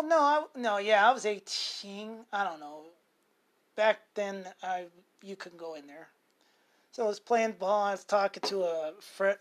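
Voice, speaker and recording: A man in his forties, hosting an unscripted monologue. He rambles, corrects himself often and swears freely. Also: high-pitched. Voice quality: rambling, with many self-corrections and fillers. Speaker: show host.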